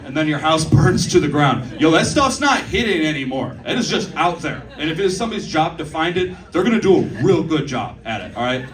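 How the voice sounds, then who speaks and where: A man's voice: on the high side, sing-song, a little fast, few pauses. A young man in his twenties doing a stand-up comedy set in a comedy club, telling stories loosely and profanely with asides to the crowd. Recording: roomy club sound from a distance. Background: audience laughter.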